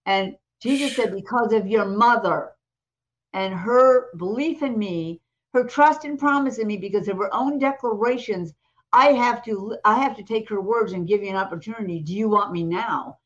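A woman co-hosting a talk show, retelling a testimony in a lively way and acting out the voices in it. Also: a little high, moderate pace, lo-fi sound. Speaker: co-host. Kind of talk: animated testimony storytelling.

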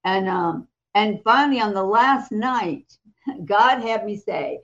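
An American woman co-hosting a talk show, telling a story in a lively way, acting out the voices of the people in it and laughing often. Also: medium pitch, slow, lo-fi sound. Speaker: co-host and prophetic minister.

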